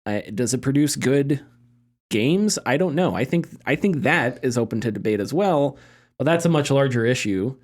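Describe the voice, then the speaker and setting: A man's voice: medium pitch, expressive, moderate pace, darkish tone. A man hosting a casual podcast discussion, talking in a conversational way that hedges and thinks aloud. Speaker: podcast host.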